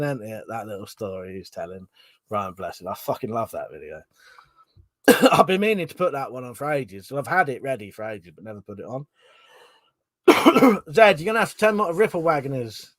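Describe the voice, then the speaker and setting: A man's voice: mid-range voice, a bit bright, no echo. A man from England, hosting a casual livestream, reading out viewer comments, laughing often and swearing casually. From southern England. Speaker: livestream host.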